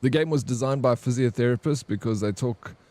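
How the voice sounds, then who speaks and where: A man's voice: mid-range voice, brisk, mellow. A man giving casual, chatty gaming commentary, swearing freely and answering his chat. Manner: chatty, swears casually, calls viewers bro; reacts to chat messages. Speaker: gaming streamer.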